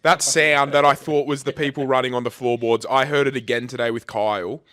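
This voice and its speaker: A young Australian man co-hosting a podcast in casual chat, animated and full of swearing and "bro". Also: medium pitch, a little fast, no room sound, studio quality. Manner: animated, swears a lot, keeps saying bro. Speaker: podcast co-host.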